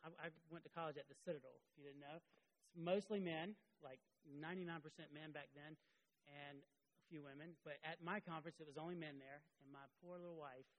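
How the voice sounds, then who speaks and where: A middle-aged man giving a sermon as a pastor, earnest, moving between loud emphasis and quiet confession. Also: a little high, poor audio.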